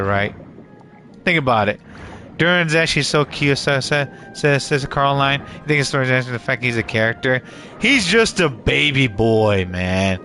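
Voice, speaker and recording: Man, gaming streamer, headset mic, bright sharp voice, rambling casual chat, swears a lot. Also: medium pitch. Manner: rambling, self-correcting, swears and laughs often. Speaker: gaming livestreamer. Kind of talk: casual live commentary, chatting with viewers.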